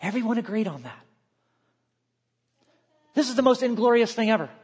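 Male pastor, high voice, sermon delivery with quiet asides. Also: moderate pace, slightly rough. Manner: expressive preaching, quotes scripture aloud, drops to quiet asides.

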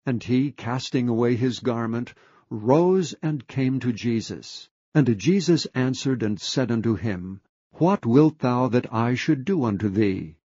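Man slowly reading old bible verses, husky dark voice, muffled dry recording. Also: medium pitch, dry recording. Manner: slow, measured reading of King James text. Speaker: scripture reader. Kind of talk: slow Bible reading aloud. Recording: dull, muffled, dry sound.

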